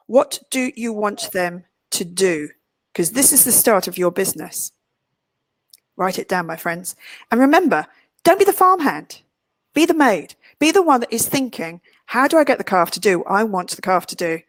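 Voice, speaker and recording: A middle-aged woman from England giving a webinar talk, theatrical and self-mocking, with big swings in pitch. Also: dry recording. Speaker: webinar speaker. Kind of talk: lively presentation.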